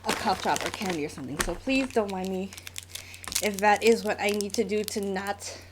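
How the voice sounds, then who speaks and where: A woman's voice: mid-range voice, normal speed. A woman in her forties with an American accent, chatting casually on a live stream as a graphic novelist, with a scratchy throat and frequent fillers. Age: 40s.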